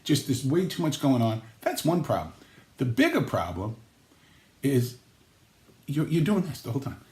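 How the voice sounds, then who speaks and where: A man hosting a comedic vlog, rambling through jokes and acting out quoted lines with sudden jumps in pitch. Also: wildly swooping pitch, moderate pace, darkish tone, reverberant. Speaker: sports vlog host.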